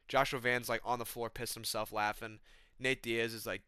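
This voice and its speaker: A man's voice: mid-range voice, level tone, moderate pace, pushed and bright, clean tone, no echo, clean studio sound. A young man telling a casual, comedic vlog story in slangy talk full of "bro" and "man". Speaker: YouTuber, MMA commentator.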